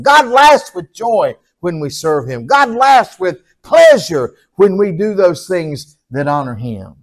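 An older pastor preaching with earnest, folksy warmth and repeated refrains. His voice is notably high for a man. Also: very animated, takes it slowly. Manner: earnest, repetitive, folksy storytelling. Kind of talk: sermon.

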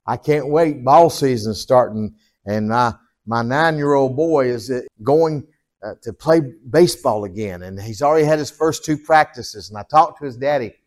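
A man's voice: mid-range voice, moderate pace. An older man preaching a sermon in an earnest, folksy, repetitive way. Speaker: pastor.

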